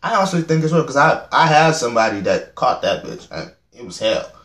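A man's voice: mid-range voice, big pitch swings, fairly quick, fairly bright tone, roomy sound. A young man reacting to a music video, chatting in a rambling, self-mocking way and laughing at himself often. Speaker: reaction vlogger. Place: home room.

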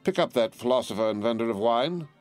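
A man's voice: medium pitch, expressive, fast, a little mellow, faint music behind, pitched above the performer's own voice, natural voice. A man reading an audiobook, voicing a cold, haughty aristocratic marquis in a disdainful, imperious manner. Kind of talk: audiobook character voice.

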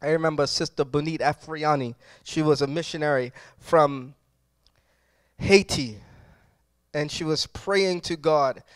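A man with a high voice preaches a sermon, calling out questions to his congregation. His delivery moves from soft musing to loud proclamation. The sound is close and dry, with no room echo. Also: measured pace, smooth. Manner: preaching with call-and-response, swings from quiet to loud. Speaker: pastor.

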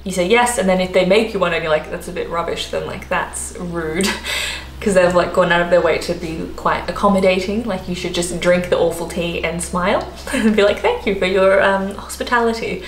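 A young Australian woman chatting casually to camera in her vlog. She talks in a chatty, animated way and laughs often. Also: lowish voice, fairly quick. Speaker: vlogger. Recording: echoey room, faint background noise.

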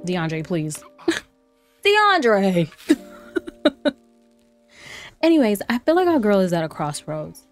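A young woman giving casual commentary on a life-simulation game, chatty and playful, laughing often and breaking into excited exclamations. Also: medium pitch, takes it slowly, long pauses. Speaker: let's play streamer. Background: faint lofi background music.

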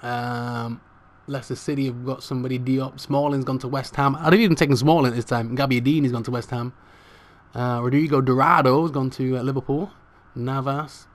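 A young man commentating his football game, bursting into mock-broadcast shouting at big moments. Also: mid-range voice, steady tone, brisk. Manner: shouts in mock-broadcast commentary at goals, chatty and swearing mildly otherwise. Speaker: gaming commentator.

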